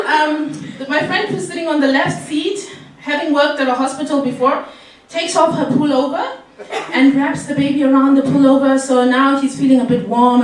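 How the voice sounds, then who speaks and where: High-voiced woman telling a story on stage. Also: slight background noise. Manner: animated, laughing often. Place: live event venue. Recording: echoey hall, mic far off.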